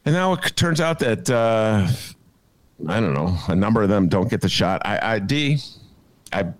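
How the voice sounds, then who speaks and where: Low-voiced guy hosting a chatty podcast, rambly, lots of ums, pitch jumping all over. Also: moderate pace, no echo. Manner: rambling, animated storyteller with many fillers. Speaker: podcast host. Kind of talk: casual news chat. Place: apartment.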